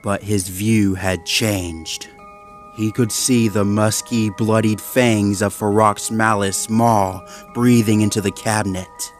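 A man reading a horror story aloud in a measured, dramatic voice-over. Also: on the low side, fairly even intonation. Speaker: narrator. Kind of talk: scripted horror story narration. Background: faint background music.

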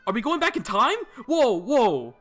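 A man's voice: very high voice, normal speed, soft background music. A young man playing a visual novel, reading its text aloud and breaking off into sudden, profane outbursts of surprise. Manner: excitable, swears a lot, reads game text aloud then reacts with sudden shouts. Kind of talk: let's play commentary.

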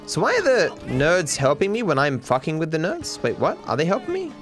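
A man's voice: fairly high pitch, wildly swooping pitch, brisk, fairly bright tone, soft background music. A man with an Australian accent giving joking, sarcastic live commentary while he plays a game, swearing casually. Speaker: streamer.

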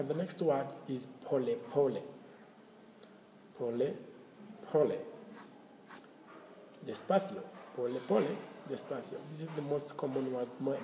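Guy teaching words real slow, gravelly mellow voice, echoey room w/ long reverb. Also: mid-range voice, slight background noise. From Kenya. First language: Swahili. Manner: repeats words slowly, spells them out letter by letter, laughs often. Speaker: language teacher. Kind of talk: casual language lesson.

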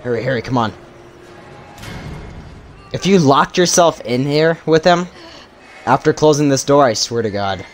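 A young man commenting on his gameplay with loud, panicky, swearing outbursts. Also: mid-range voice, expressive, unhurried, pauses often, a little hiss or hum. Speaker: gamer streamer.

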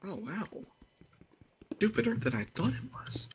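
A man's voice: high voice, sing-song, unhurried, a little hiss or hum. A young man co-hosting a Minecraft let's play, laughing often and teasing his partner. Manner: giggly, playful teasing. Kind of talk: casual gaming commentary.

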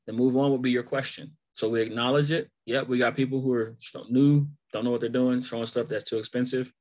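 A man's voice: mid-range voice, fast, muffled recording. A man giving a casual sales training talk, laid-back and laughing between points. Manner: animated storytelling.

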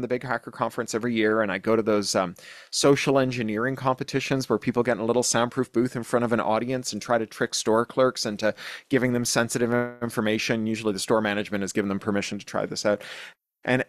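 A man, an author, telling a personal story in casual, animated speech, acting out the dialogue as he goes. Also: medium pitch, no echo, clean studio sound. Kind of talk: casual spoken anecdote for a podcast.

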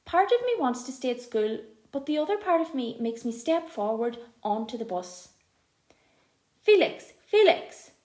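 A woman reading a first-person audiobook aloud in an expressive, lively storytelling manner. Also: a little high, normal speed, hardly any pauses. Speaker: audiobook narrator. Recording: echoey room.

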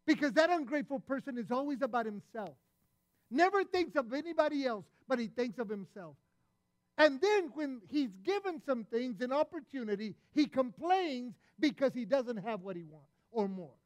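A man preaching a sermon as pastor, retelling a parable and acting out its voices with animated delivery. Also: very high voice, moderate pace, no echo.

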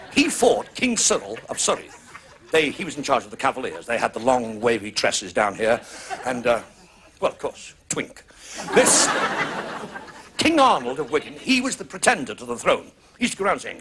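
A man with a Northern English accent doing a stand-up comedy routine in rapid, excitable patter. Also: noisy background. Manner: rapid, excitable patter with big pitch swings. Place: TV studio with live audience. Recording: 1980s TV broadcast, loud audience laughter.

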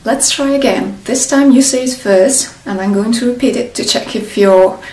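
A woman from northern Italy with a Northern Italian accent, a native Italian speaker, teaching a slow, deliberate beginner language lesson in English and drilling words with pauses. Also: a little high, a little mellow, reverberant, recorded from a distance, low-quality recording.

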